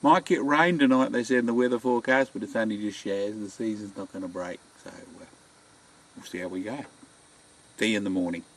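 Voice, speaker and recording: A man's voice: on the low side, a little fast, rough recording. An Australian man chatting casually as he films a travel vlog outdoors on a rainy, windy beach, rambling and calling his friend mate. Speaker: travel vlogger. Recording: wind and surf noise outdoors.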